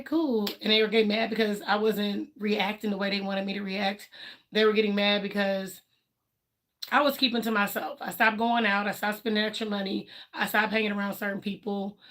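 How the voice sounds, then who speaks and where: Woman, livestream host, casual personal talk, candid, emphatic, colloquial, acts out quotes, mid pitch. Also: fairly bright tone. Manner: colloquial, laughs between points.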